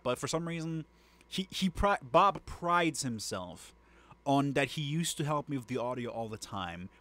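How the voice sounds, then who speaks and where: A man's voice: mid-range voice, a bit bright. A young man streaming a video game, with rambling, self-deprecating live commentary. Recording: noisy stream mic.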